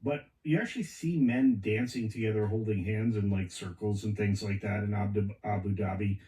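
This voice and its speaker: A man's voice: fairly low pitch, fairly even intonation, normal speed, warm tone, husky, rough recording. A man in a casual chat, making dry, sarcastic remarks.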